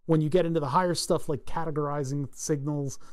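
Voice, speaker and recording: A man's voice: fairly high pitch, steady tone, fast, darkish tone. A man chatting casually on a live stream while designing a circuit board, rambling with wry asides and frequent self-corrections.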